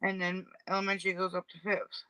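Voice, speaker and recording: Bright-voiced chatty woman. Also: lowish voice, flat delivery, fast talker, clear, resonant tone, dry recording, poor audio. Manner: chatty, thinks out loud. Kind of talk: casual chat.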